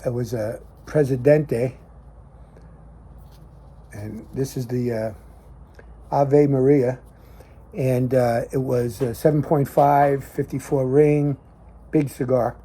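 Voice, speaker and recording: Mellow husky man telling a story. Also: medium pitch. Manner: rambling storytelling with many fillers. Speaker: host. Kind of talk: casual chat. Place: garage.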